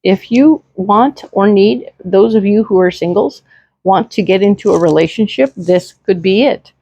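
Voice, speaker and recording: A woman's voice: medium pitch, normal speed, warm tone, no room sound, highs cut off. A woman giving a casual tarot reading in a chatty, reassuring way, with many fillers and tag questions, speaking into a desk microphone. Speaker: tarot reader.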